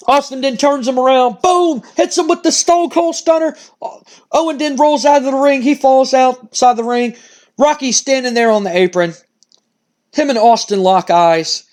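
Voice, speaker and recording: High-voiced male gaming host, excitable play-by-play of a wrestling sim, repeats himself. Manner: excitable, repeats phrases, stumbles and swears when surprised.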